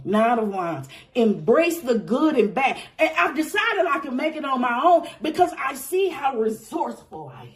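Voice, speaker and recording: A woman's voice: high voice, big pitch swings, moderate pace, hardly any pauses. A woman giving an intuitive tarot reading, passionate and exclaiming, slipping into speech and now and then into song. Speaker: tarot reader.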